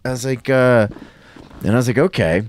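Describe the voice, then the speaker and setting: A man's voice: mid-range voice, brisk. A man, a comedian guest, telling a story in casual chat and acting out the voices of the people in it. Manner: animated, acts out quoted voices.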